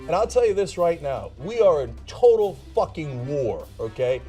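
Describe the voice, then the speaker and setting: A male host of a political commentary show who rants and swears. His voice swings widely in pitch and climbs into shouts. He speaks in an American accent, with faint music underneath. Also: very animated, moderate pace. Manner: ranting, sarcastic, swearing and shouting.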